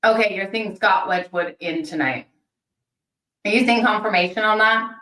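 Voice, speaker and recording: A woman hosting a daily hockey betting show, talking fast and chatty, thinking out loud with fillers. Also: medium pitch, distant mic. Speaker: sports betting show host. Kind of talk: casual fast-paced hockey picks talk. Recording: roomy sound from off-mic.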